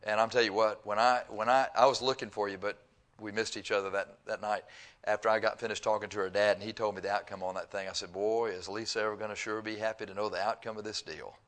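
A middle-aged man preaching, telling a story in a folksy, animated way with chuckles and quoted voices. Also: fairly low pitch, fast talker. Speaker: pastor. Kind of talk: sermon with storytelling.

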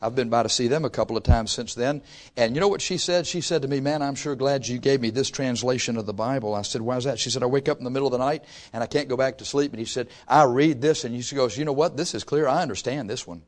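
A pastor preaching to his congregation, swinging from loud rises to soft asides. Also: mid-range voice, fast. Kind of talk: sermon. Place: church before a congregation.

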